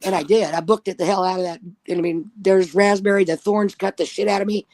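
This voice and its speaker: A woman's voice: medium pitch, fairly even intonation, fast talker, a little mellow, dry recording. A woman telling a spooky personal story in casual chat, blunt and profane. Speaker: guest storyteller.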